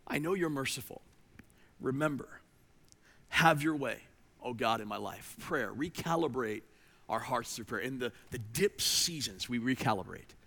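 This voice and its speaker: A male pastor preaching a sermon, emphatic, swinging between loud lines and hushed ones, sometimes repeating words as he presses a point. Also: medium pitch, lively intonation, normal speed, gravelly.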